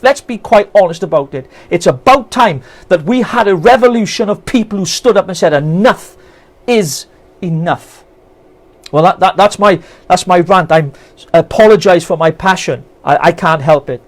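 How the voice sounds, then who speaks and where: A Welsh man, a political campaigner, ranting with passion and indignation on a live stream, firing off rhetorical questions. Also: sits high. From Wales. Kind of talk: impassioned live-stream rant.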